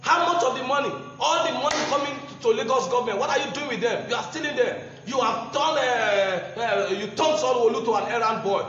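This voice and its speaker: A man's voice: very high voice, fairly quick, hardly any pauses, bright, forceful tone. A man with a Nigerian accent gives a combative, mocking political address and repeats phrases for emphasis. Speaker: political speaker. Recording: echoey room, dull lo-fi sound, faint noise.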